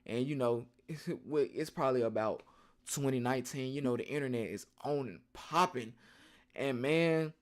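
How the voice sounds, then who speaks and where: A young man streaming, telling a rambling story in a casual, slangy and animated way. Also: mid-range voice, moderate pace.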